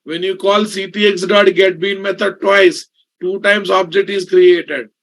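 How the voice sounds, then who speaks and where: A male programming instructor, speaking at a slow, deliberate pace in a fairly high voice. He repeats each point and keeps addressing his students directly as he codes. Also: flat delivery, creaky, a bit bright. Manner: repeats points, addresses class as guys and boss. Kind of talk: live coding lesson.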